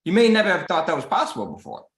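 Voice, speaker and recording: A man's voice: high-pitched, huge pitch swings, racing, a bit bright. A man hosting a casual business call, coaching listeners and acting out the people he quotes. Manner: coaching tone, acts out quoted voices, says "right?" often. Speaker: host of a publishing business call. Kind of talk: casual motivational chat. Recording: roomy echo.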